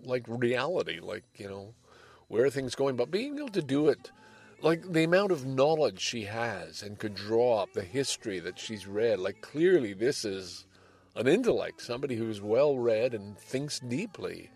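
An older Canadian man hosts a podcast from home by a window, his mid-range voice slightly mellow and husky with big swings in pitch. At a normal speed, he rambles casually, shifting between heavy and lighthearted topics.

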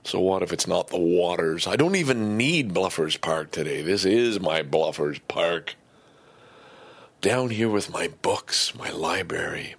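A man's voice: deep voice, lively intonation, a little slow, creaky, husky. An older man hosting a podcast from his home basement, talking in a rambling, profane, worked-up way. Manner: ranting, profane, easily worked up. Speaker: podcast host. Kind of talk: casual rambling monologue.

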